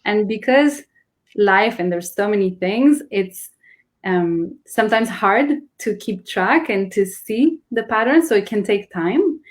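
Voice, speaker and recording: A woman talks earnestly in a casual conversation. She explains slowly, starts sentences over and searches for words. Her voice sits at a medium pitch. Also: animated. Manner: earnest, explains with many restarts and fillers. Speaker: guest.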